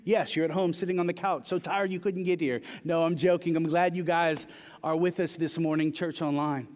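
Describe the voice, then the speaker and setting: A male pastor with a drawl delivers a conversational sermon, his voice pitched notably high. He leans on repeated words to build emphasis, and the sound rings with long church-hall reverb. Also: fairly even intonation, normal speed, a little mellow. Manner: conversational preaching with repetitions and rising emphasis.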